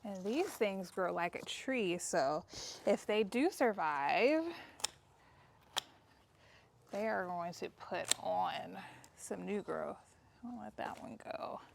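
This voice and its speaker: A woman vlogging while harvesting in an outdoor garden, chatty and excitable, out of breath and tired, calling her viewers y'all. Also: medium pitch, slow, creaky, pauses often, background noise. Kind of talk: casual chat while harvesting.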